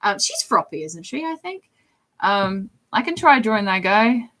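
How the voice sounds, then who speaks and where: A woman's voice: mid-range voice, big pitch swings, measured pace, fairly bright tone. A woman chatting in a rambling, casual way from her home office while drawing on a livestream, with lots of fillers. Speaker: streamer and hobby artist.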